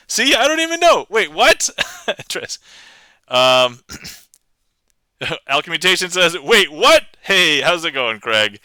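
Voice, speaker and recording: A man's voice: mid-range voice, sharp tone, smooth, no room sound. A man from New England with a light New England accent, streaming casually, reading a tricky poem aloud, laughing and stumbling over words as he thinks aloud.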